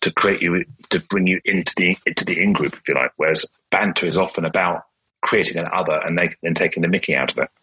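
Male podcast host, very low voice, bright forceful tone, reflective. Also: fairly even intonation, fast talker, breathy edge, low-quality recording. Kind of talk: interview questions and reflection.

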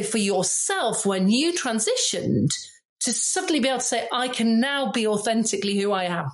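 Lively storytelling woman in her forties. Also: a little high. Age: 40s. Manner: lively storyteller acting out quoted voices. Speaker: host and former military pilot. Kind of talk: conversational podcast interview.

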